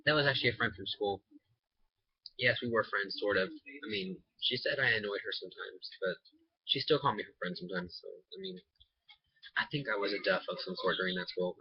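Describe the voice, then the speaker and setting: A man's voice: mid-range voice, slightly rough, dry recording. A young man in his teens ranting in a rambling, indignant vlog monologue, his voice jumping up sharply when he gets worked up. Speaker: vlogger. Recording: dull lo-fi recording.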